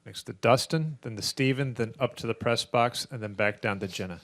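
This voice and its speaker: A man's voice: mid-range voice, brisk, fairly bright tone. A man moderating a press conference, giving brief, businesslike cues about who asks next. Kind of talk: directing questions to reporters.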